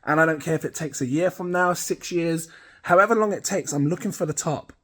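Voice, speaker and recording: Brief: British man, middle-aged, higher-pitched, loose and rambling host to camera. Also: a little fast. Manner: rambling, chatty, laughs at himself. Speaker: crypto channel host. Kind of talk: casual talk to camera.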